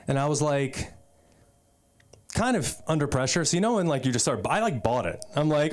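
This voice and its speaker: A male stand-up comedian from the US East Coast performs at an open mic in a comedy club, speaking at a moderate pace. His voice sits fairly high with a sing-song lilt, and his patter is loose, full of fillers and digressions.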